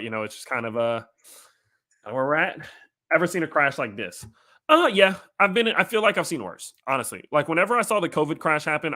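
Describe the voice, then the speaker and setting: A man's voice: medium pitch, sharp tone. A man with a light Louisiana accent hosting a casual crypto livestream, reading chat questions aloud and answering in a loose, filler-heavy way. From Louisiana, USA. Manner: loose and filler-heavy, with frequent "um" and "you know", speaking directly to viewers.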